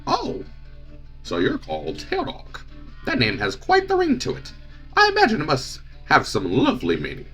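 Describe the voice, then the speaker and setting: A man voicing a polite, excitable professor from a game in a prim, old-fashioned way. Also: a little high, moderate pace, faint music behind, voice pushed up, full character voice. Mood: fussy. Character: polite fussy male professor, genteel and excitable.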